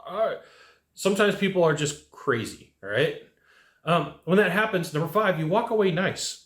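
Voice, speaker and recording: Animated man coaching, echoey room. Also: fairly high pitch, normal speed. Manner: animated, acts out quoted dialogue. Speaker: sales trainer. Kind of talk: coaching talk to camera.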